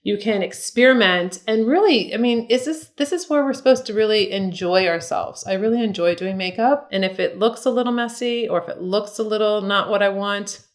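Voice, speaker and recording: A woman's voice: medium pitch, fairly quick, few pauses. A middle-aged woman makeup artist giving a casual makeup tutorial, chatty and encouraging, talking straight to viewers. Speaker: makeup artist and beauty vlogger.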